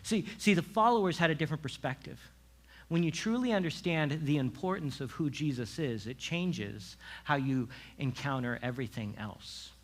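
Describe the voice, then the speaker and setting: A male pastor preaching a sermon in a casual, animated way, full of asides and quick restarts. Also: fairly high pitch.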